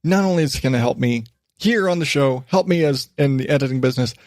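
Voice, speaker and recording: A man's voice: medium pitch, quick pace, darkish tone, no room sound, studio quality. A man hosting his own podcast from his desk at home, rambling casually and mocking himself, with the odd swear. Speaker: podcast host. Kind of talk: casual solo podcast monologue.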